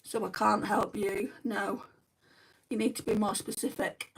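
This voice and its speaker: A woman's voice: mid-range voice, level tone, a little slow, vocal fry, slightly rough. A young woman hosting a makeup livestream at home, chatting casually and answering viewer comments one by one. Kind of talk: casual live chat while doing makeup. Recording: voice a bit distant from the mic.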